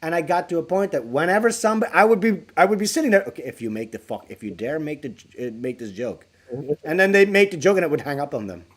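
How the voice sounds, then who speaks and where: A male livestreamer with a somewhat high voice rambles through crude, profane anecdotes, laughing as he goes. He acts out the people in his stories in louder voices and keeps a loose, chatty flow. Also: sing-song, quick pace. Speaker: livestreamer answering viewer questions. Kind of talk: casual livestream chat.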